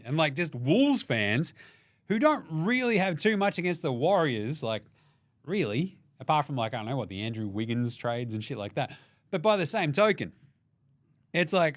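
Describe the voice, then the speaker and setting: A young Australian man recapping basketball in a loose, profane, jokey way, slipping into mock voices for the players. His voice sits a bit high and swings widely in pitch. The sound is close and dry, with no room echo. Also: very animated, normal speed. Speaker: basketball podcast host. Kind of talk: casual sports recap.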